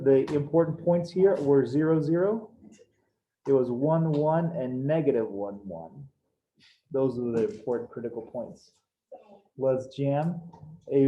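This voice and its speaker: A man's voice: medium pitch, muffled recording. A man teaching a math class, explaining steps in an upbeat, casual way with bits of slang. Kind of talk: live algebra class over video call. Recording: echoey room with faint noise.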